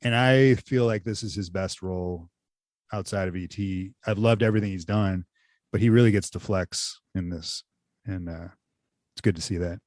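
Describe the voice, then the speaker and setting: A man co-hosts a podcast in casual chat, rambling loosely and filling his speech with "like." His deep, slightly mellow voice moves at a moderate pace, recorded in studio quality with no echo.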